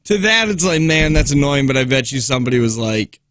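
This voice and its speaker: A man co-hosting a morning radio show, chatting in animated banter with frequent laughs and restarts. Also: medium pitch, brisk, no room sound, clean studio sound. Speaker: radio co-host. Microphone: studio mic.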